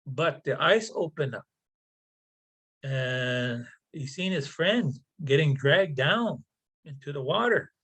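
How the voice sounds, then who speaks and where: A man telling a traditional story aloud, halting and often repeating words and phrases. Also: a little high, lively intonation, a bit bright, husky, rough recording. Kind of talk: oral storytelling.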